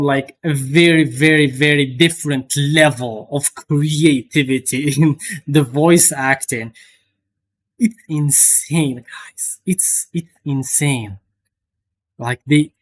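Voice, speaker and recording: A young man streaming live, chatting casually and rambling, with lots of restarts and swearing. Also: a little high.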